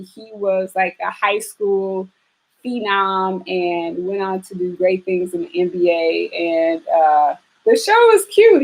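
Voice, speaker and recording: A fitness trainer hosts a relaxed live stream, talking straight to her viewers. Her voice sits a little high for a woman. She rambles warmly between topics, with plenty of "you know" and "um" along the way. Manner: chatty, reads and answers viewer comments, frequent fillers. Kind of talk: casual live-stream chat.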